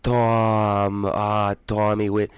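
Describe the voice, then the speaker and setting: A man doing a voice as a devoted male fan leaving a voicemail, slow and adoring. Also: lowish voice, completely flat delivery, smooth, dry recording, clean studio sound.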